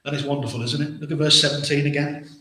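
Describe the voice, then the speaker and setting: A man's voice: fairly high pitch, level tone, quick pace, pushed and bright. A man with an English accent preaching a sermon as pastor, earnest, with many rhetorical questions and repeated words. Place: church hall. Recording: very echoey church hall.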